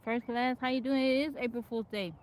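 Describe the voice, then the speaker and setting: A woman's voice: a little high, steady tone, fairly quick, low-quality recording. Chatty woman greeting stream viewers. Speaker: livestream host. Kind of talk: casual live-stream chat with viewers. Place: rural home in the woods.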